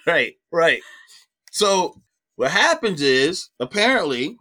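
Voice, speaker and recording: A middle-aged man, a comedian guest, telling a personal story in animated, profane casual talk. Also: on the high side, slow.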